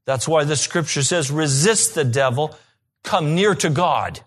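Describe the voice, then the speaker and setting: A male pastor preaching a sermon, earnest, with slow, emphatic repetitions. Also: a little high, lively intonation.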